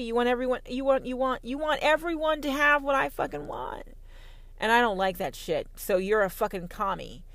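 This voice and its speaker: A Southern American woman rants in a heated, sarcastic monologue, swearing freely and mocking the people she argues against. Her voice sits a little high. The recording is dry and close, with no room sound. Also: no echo. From Southern United States. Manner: profane, heated and sarcastic, mocking imagined opponents. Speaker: podcast host. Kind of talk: impassioned monologue.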